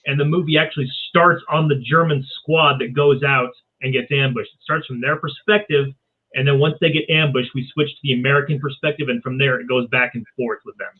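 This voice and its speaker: A man's voice: medium pitch, fairly even intonation, brisk. A man, a filmmaker guest, chatting earnestly on a podcast call with many fillers. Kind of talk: casual podcast chat. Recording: tinny phone-like call audio.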